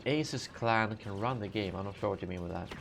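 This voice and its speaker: A young man with a low voice and vocal fry hosts a live gaming Q&A, talking briskly over background noise. Sleepy and yawning, he reads chat questions aloud and rambles through answers, full of fillers and self-corrections.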